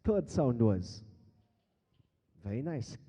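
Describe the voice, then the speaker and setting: A man's voice: medium pitch, very animated, slow pace, dark tone. A man teaching beatboxing from a conference stage, playfully quizzing the crowd on a handheld mic, laughing often. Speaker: beatbox performer teaching the audience. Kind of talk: live interactive stage workshop. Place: large conference hall stage. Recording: long hall reverb from a stage PA.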